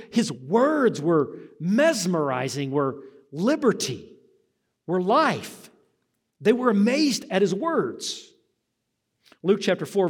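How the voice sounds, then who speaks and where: An earnest male preacher delivering a sermon, his voice sitting a little higher than most men's. He drives his points home with rhythmic repetition and direct appeals to his listeners.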